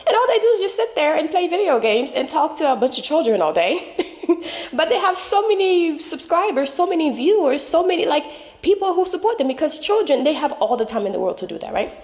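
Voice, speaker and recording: A woman's voice: high voice, very animated, fairly quick, a little mellow. Chatty woman commentator with a strained voice, in a reverberant space. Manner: chatty, rambling, emphatic. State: losing her voice. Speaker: channel host. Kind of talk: casual commentary.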